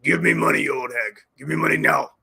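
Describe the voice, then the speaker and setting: A man's voice: mid-range voice, quick pace, gravelly, bright, forceful tone, breathy edge, heavily acted. A man doing a mocking impression of a pushy male foreign leader, demanding money with insults. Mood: mocking demands.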